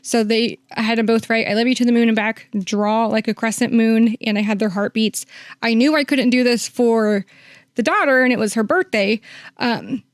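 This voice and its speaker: A woman's voice: on the high side, normal speed, dry recording, clean studio sound. A woman working as a hospice nurse, telling a long story in a podcast interview, with many fillers and quoted lines acted out.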